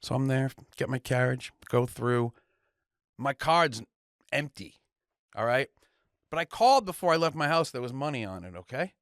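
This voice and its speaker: A man's voice: medium pitch, expressive, moderate pace, long pauses, a bit bright, no echo, studio quality. A man, co-hosting a podcast, ranting heatedly and swearing a lot as he tells a story. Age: young adult. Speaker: podcast co-host. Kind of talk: casual ranting chat.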